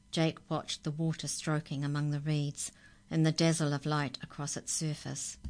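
Woman reading a kids' story, low voice, calm and even. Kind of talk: reading a children's story aloud.

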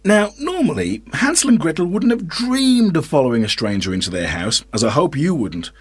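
A man's voice: a little high, sing-song, normal speed, breathy edge, no echo. A man narrating a children's story, with playful, wry asides to the listeners.

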